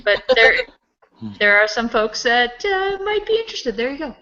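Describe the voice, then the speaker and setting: A woman telling an animated story, laughing often, in a casual online group chat. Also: a little high, moderate pace. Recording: lo-fi video call audio with faint noise.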